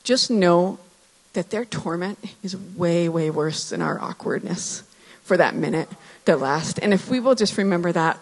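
A woman in her thirties shares a heartfelt church testimony, earnest and reflective, often pausing and restarting. Her voice sits a little low for a woman. A long hall reverb trails each phrase. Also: lively intonation. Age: 30s. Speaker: church speaker sharing testimony.

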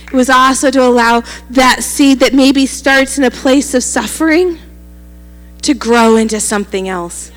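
A woman's voice: sits high, unhurried, in a large hall, faint music behind. A woman pastor preaching a sermon, telling a story animatedly and acting out the quoted lines.

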